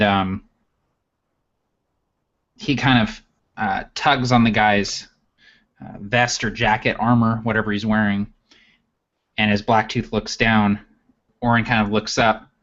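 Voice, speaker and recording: A man's voice: lowish voice, a bit bright. A man describing his character's actions in a tabletop game, hesitant, with many fillers, on a muffled recording. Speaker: player.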